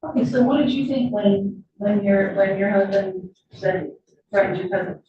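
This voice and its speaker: A woman lawyer questioning a witness in court, measured and steady, saying "okay" between questions. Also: mid-range voice, crowd noise. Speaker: prosecutor. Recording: echoey distant courtroom audio, lo-fi, noisy.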